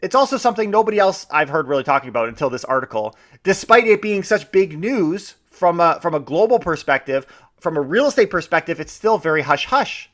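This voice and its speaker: A podcast host with a slightly high, sing-song voice chats enthusiastically and fairly quickly, often restarting his sentences in casual commentary.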